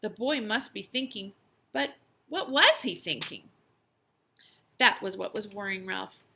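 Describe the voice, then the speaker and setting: A woman teacher reading a children's novel aloud, with expressive storytelling and lively emphasis. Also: medium pitch, a little slow, creaky, slight background noise.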